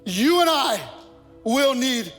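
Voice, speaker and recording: A male pastor delivers a sermon in a strikingly high voice, driving his points home through repetition. He speaks in a church whose long reverb trails after each phrase, with faint music underneath. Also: animated, takes it slowly, a bit bright. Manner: preaching with rising intensity, repeating phrases. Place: church sanctuary.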